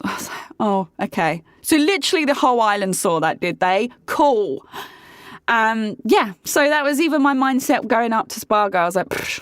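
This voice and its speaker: A woman's voice: on the high side, animated, normal speed, no room sound, studio quality. A young woman vlogger telling a candid, chatty story about her relationship, full of fillers and swearing. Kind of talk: casual storytelling to camera.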